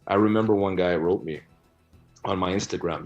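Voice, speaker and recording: A man's voice: deep voice, steady tone, normal speed, a little mellow, highs cut off, faint music behind. A man interviewed about his book, answering bluntly and argumentatively, often tagging his points with "right?" and "you know". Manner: blunt, argumentative, rhetorical asides.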